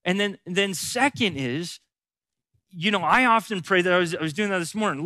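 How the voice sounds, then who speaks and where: A man with a high, bright voice leads a Bible teaching like a pastor. He speaks conversationally and repeats key phrases for emphasis, recorded close and dry. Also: lively intonation, normal speed, no room sound.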